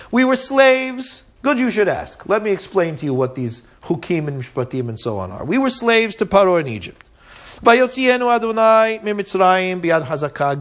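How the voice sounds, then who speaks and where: A man teaching a Torah class, reading Hebrew verses and explaining them step by step, often checking in with "right?" and "yeah?". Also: sits high. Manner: reads Hebrew verses aloud and translates them.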